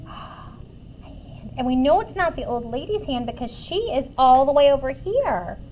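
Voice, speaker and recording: A woman's voice: high voice, moderate pace, highs cut off, slight background noise. A woman reading a picture book aloud to children, asking them questions about the pictures as she goes. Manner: animated, asks listeners questions about the pictures. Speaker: children's story reader.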